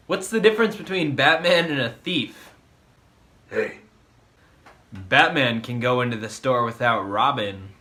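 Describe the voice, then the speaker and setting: Give me a man cracking puns with a lively, up-and-down delivery. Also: mid-range voice. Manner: quick one-liners and puns, laughs at own jokes. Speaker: comedy video creator. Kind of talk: joke-telling compilation.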